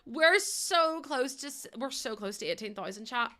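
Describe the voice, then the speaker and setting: A woman's voice: sits high, lively intonation, normal speed, pushed and bright. A young woman chatting casually with her live-stream viewers, bubbly and giggly. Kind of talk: casual live-stream chat while playing.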